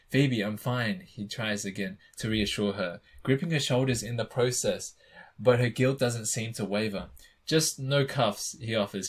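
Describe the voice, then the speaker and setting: A man reading fanfiction aloud and often breaking off to react and joke about the text. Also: medium pitch.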